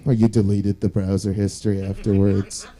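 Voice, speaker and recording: Mellow-voiced young stand-up comic. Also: male voice, lowish voice, level tone, normal speed, poor audio. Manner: self-deprecating, rambling storytelling. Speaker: stand-up comedian. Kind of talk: stand-up set.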